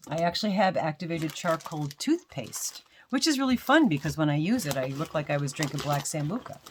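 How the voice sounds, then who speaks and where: Low-voiced chatty rambling woman. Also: a little hiss or hum. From United States. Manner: rambling, chatty, self-deprecating with frequent restarts. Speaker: crochet vlogger. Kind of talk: casual unboxing chat.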